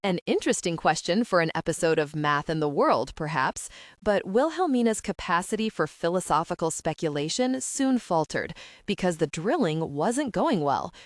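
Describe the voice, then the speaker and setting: A woman narrating a young-adult audiobook in an animated, characterful storytelling manner. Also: on the low side, normal speed, no room sound, studio quality. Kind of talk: scripted narration.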